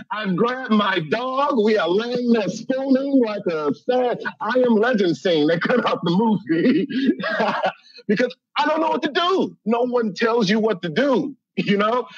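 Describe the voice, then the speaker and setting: A man from Chicago tells a humorous story with lots of laughter, slipping into little acted-out voices. His voice sits high and husky. The sound is muffled and dry, close and dead. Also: no echo. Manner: animated, laughs often, acts out voices.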